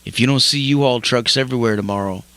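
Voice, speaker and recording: A man's voice: mid-range voice, quick pace, fairly bright tone, smooth, dry recording. A man hosting a metal radio show, talking in a laid-back, laughing way and swearing freely. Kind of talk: casual radio interview chat.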